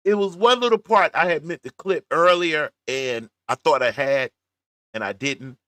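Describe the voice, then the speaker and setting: A man hosting a reaction commentary, animated, often pausing the clip to talk. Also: on the high side, no room sound. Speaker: commentary channel host. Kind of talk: reaction commentary on a played call.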